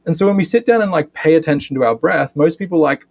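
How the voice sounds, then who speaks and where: A man's voice: a little high, fast, creaky, hardly any pauses, muffled recording. A man, a physiotherapist and breathwork educator, explaining things in a podcast interview, often ending points with a questioning "right?". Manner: animated explainer, frequent tag questions.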